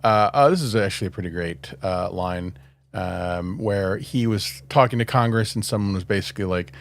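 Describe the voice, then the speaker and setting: A man's voice: sits low, moderate pace. A man co-hosting a podcast in casual chat, rambling with lots of fillers and laughing often. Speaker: podcast co-host.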